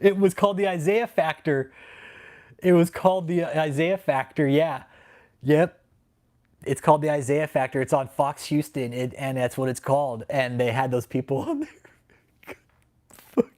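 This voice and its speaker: Here a livestream host speaks at a moderate pace in a slightly high, a little mellow voice. He rants casually in a mocking, profane way, rambling and often laughing.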